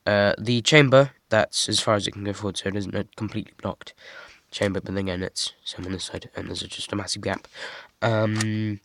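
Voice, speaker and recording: A man's voice: lowish voice, fairly even intonation, a little fast, fairly bright tone, no echo. Stuffy-nosed guy with a cold. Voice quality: husky. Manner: rambling, many ums, self-deprecating asides. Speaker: hobby builder showing his model. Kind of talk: casual show-and-tell.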